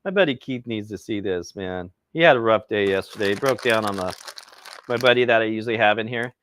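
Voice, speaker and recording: A man's voice: on the low side, fairly quick, a bit bright, slight background noise. A man hosting a casual cooking livestream, chatting and rambling to his viewers while he cooks outdoors. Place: outdoors by a pizza oven.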